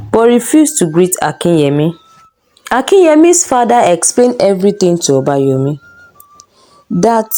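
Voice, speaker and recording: A woman narrating a folktale with dramatic, expressive storytelling. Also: fairly low pitch.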